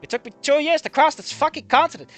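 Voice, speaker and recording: A man's voice: extremely high pitch, fast, fairly bright tone, faint music behind, voice pushed up. A man voicing a whiny, exasperated young man stranded in a medieval world.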